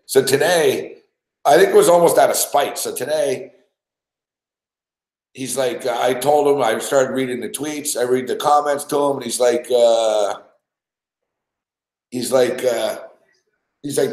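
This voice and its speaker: A man's voice: mid-range voice, unhurried, pauses often, echoey room, low-quality recording. Laughing, profane sports talk man. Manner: profane, laughing, gets excited over plays. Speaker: sports podcast host. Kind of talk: casual sports talk rant.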